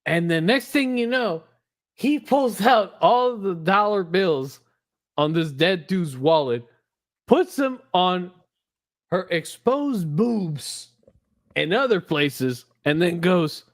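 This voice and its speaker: A man's voice: high-pitched, takes it slowly. A man co-hosting a movie review podcast over a remote call, telling the plot crudely and swearing a lot. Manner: crude, animated storytelling with profanity. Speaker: podcast co-host. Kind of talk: casual chat.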